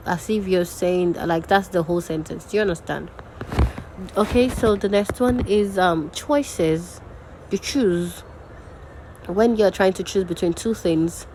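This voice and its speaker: A woman's voice: fairly low pitch, slow pace, a little mellow, a little hiss or hum, poor audio. A woman teaching intonation in an online lesson, demonstrating example sentences with exaggerated rising and falling tones. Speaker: diction teacher. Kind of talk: webinar lesson.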